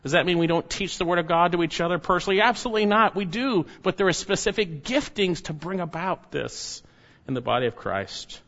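A man's voice: high voice, animated, a little fast. Emphatic preaching man, slightly muffled. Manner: emphatic preaching, rhetorical questions, drops soft on closing words. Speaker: pastor. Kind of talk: sermon. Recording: slightly dull lo-fi sound.

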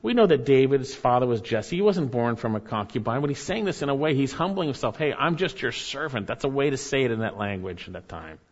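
Guy preaching a sermon, gets loud then goes quiet reading verses, kinda muffled recording. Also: medium pitch, fairly quick, hardly any pauses. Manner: expressive preaching, swings from loud emphasis to hushed reading of scripture. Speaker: pastor.

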